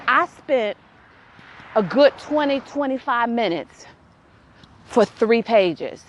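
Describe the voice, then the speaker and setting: Woman, high voice, young adult, podcast host, animated exasperated storytelling. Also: slow, long pauses, slight background noise. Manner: animated, exasperated retelling with laughter. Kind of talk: casual storytelling monologue.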